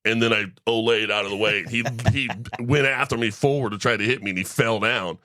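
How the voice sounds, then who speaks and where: A man's voice: on the low side, brisk. A middle-aged man hosting a sports podcast, telling a story in casual chat and tagging his lines with "right?". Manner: animated storyteller, tag questions like right?. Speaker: podcast host.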